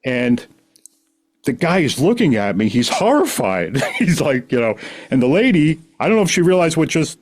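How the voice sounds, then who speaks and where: A middle-aged man, a podcast guest, telling a long personal story in an animated, rambling way full of restarts. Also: on the high side, moderate pace. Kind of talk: casual storytelling.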